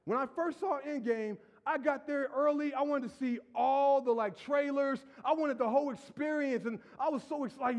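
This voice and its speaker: A middle-aged man preaching to his church in a strikingly high voice. His pitch leaps and swoops constantly as he jokes, acts out little scenes and breaks into shouts. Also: fast talker, hardly any pauses. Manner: animated, joking, acts out quotes and shouts. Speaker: pastor. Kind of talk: lively sermon.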